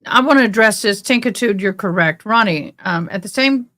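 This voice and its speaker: A woman hosting a live trial commentary, talking loudly in a lively, chatty way. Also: mid-range voice, fairly quick. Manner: talks loudly, animated. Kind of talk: casual chat.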